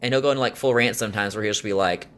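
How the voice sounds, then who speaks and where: A young man with a somewhat low voice, talking straight to his camera in a loose, rambling way. He fills his sentences with ums and likes and lets out exasperated laughs as he vents. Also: racing, fairly bright tone. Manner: rambling and chatty, many fillers, venting with exasperated laughs. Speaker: vlogger. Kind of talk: casual chat.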